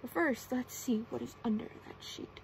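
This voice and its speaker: A woman softly playing a cranky ghost pirate. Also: a little high, moderate pace, creaky, a little hiss or hum, rough recording. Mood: menacing. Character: angry ghostly male pirate captain, booming. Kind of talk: whispered role-play.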